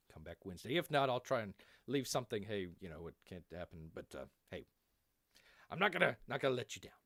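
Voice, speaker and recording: A man's voice: medium pitch, no room sound, studio quality. A man rambling casually on a live stream, repeating phrases and joking as he signs off. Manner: rambling, repeats phrases, playful growls and jokes. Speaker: streamer signing off a live show.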